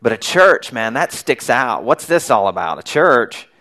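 A middle-aged man preaching a sermon as a church pastor, telling a story with lively acted-out shouts. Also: mid-range voice, unhurried. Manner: animated storytelling, acting out the crowd's and beggar's shouts.

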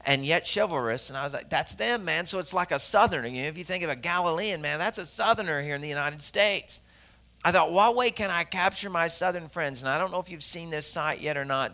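A man's voice: fairly high pitch, sharp tone. A man from Arkansas preaching a sermon to a congregation in a conversational, joking way, with many fillers and asides to the audience. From Arkansas, US South. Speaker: pastor.

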